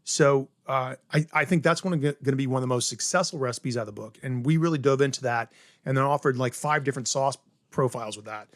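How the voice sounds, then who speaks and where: Upbeat chef explaining recipes, dry mic. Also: male voice, mid-range voice, fast, dry recording. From South Carolina. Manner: enthusiastic, explains step by step with many "right?" tags. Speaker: chef guest. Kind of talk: casual interview chat.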